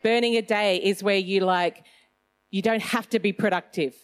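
A woman's voice: mid-range voice, steady tone, normal speed. A middle-aged woman giving a casual Christian talk, chatty and self-mocking, with loose phrasing and plenty of fillers. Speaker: Christian speaker.

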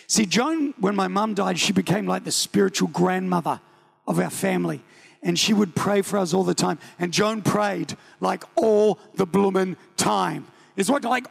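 Gravelly high-voiced New Zealand preacher. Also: male voice, moderate pace. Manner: animated, joking, acts out voices. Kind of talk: sermon storytelling.

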